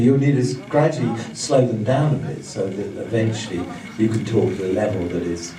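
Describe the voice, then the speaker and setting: A man leading a live training seminar on communication, explaining to an audience and acting out fast and slow speech and gestures as he goes. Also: on the low side, mellow. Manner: demonstrative, acts out speeds and gestures as he explains. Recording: roomy, distant, faint background hum.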